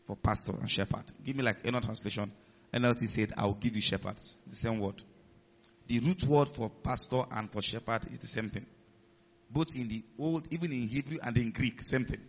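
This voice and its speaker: A man's voice: mid-range voice, a bit bright, husky, lo-fi sound. Male preacher in an echoing hall. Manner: teaching with rhetorical questions to the congregation. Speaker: pastor. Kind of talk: sermon.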